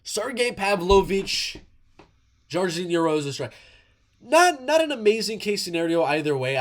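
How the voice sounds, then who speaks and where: A man talks through upcoming fights in casual solo commentary, his voice sitting a little high. He is animated, and he often stumbles into repeated words and restarts his sentences. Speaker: MMA commentator.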